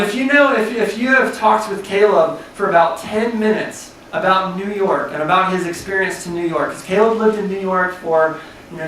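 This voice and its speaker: High-voiced man preaching in an echoey hall. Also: fairly bright tone, a little hiss or hum. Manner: casual storytelling, many "like" fillers. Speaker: pastor. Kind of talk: sermon. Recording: echoey hall recorded from a distance.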